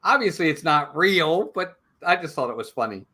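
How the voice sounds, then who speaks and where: A man co-hosting a casual live-stream movie review, retelling scenes in an animated way. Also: a little high, moderate pace.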